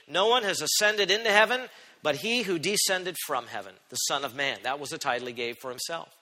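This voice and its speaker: Bright-voiced preacher man in a reverberant hall. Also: fairly high pitch. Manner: expressive, rising to loud emphatic quotes and dropping to quiet asides. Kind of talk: sermon.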